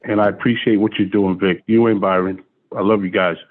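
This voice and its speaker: Caller, a man, halting and heartfelt, heard over a tinny phone line. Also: fairly low pitch, level tone. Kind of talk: emotional tribute.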